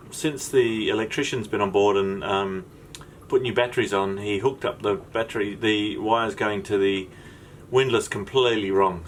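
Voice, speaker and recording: A man's voice: on the low side, a little hiss or hum. A man hosting a sailing vlog, chatting casually and rambling with lots of ums while recording on his boat. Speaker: vlog host. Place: on a sailboat.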